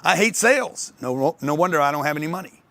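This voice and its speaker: Animated older man telling stories. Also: a little high, quick pace, vocal fry, dry recording. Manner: animated storytelling, acts out others' voices. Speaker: speaker on sales and wealth. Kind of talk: motivational talk to an audience.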